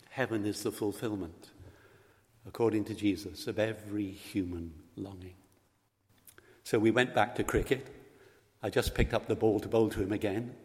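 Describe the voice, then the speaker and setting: A man preaching a sermon, telling a story and speaking in a pastoral, reflective way to the congregation. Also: on the low side. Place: church. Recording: long hall reverb.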